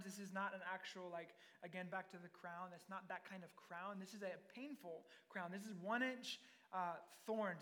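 A man's voice: high-pitched, fairly bright tone. A man preaching a sermon, reading scripture aloud and then explaining it with earnest, building intensity.

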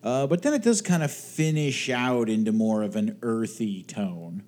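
A man's voice: on the low side, animated, normal speed, a little mellow. A man co-hosting a podcast from his home studio, chatting casually, joking and swearing now and then. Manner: jokey, swears casually, chuckles often. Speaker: podcast co-host. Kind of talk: casual chat.

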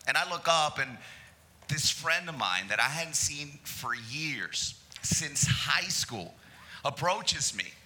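A male pastor preaching to his church, telling a story in a lively, joking way. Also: a little high, takes it slowly, rough recording. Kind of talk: sermon with storytelling.

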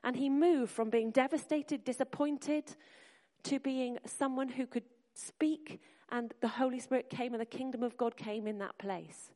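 A woman's voice: sits high, steady tone, measured pace, mellow. Earnest woman preaching in a reverberant hall. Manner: earnest, encouraging, speaks to the congregation directly. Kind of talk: sermon. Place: church hall.

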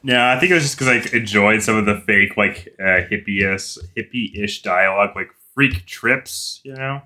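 A man's voice: on the low side, normal speed, sharp tone. A man co-hosting a podcast, chatting casually about a book, laughing easily and reluctant to read aloud. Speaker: podcast co-host. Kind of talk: casual book-club chat.

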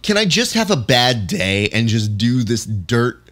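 A man's voice: medium pitch, big pitch swings, measured pace, fairly bright tone. A man hosting a casual chat, playfully critiquing a guest's celebration and acting out quotes in silly voices. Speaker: podcast host reviewing a guest's clip.

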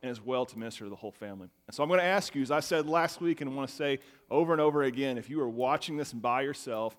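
A young adult man preaching as pastor to a family watching online, telling stories in a conversational way with frequent restarts. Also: medium pitch. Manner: conversational, storytelling, repeats words when starting.

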